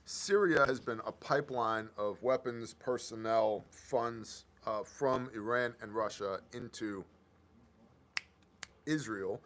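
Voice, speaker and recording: A man's voice: fairly low pitch, fairly bright tone. A man hosting a live stream, reading news aloud and riffing on it with sarcastic, offhand comments. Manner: sarcastic, loose, reads headlines aloud then riffs.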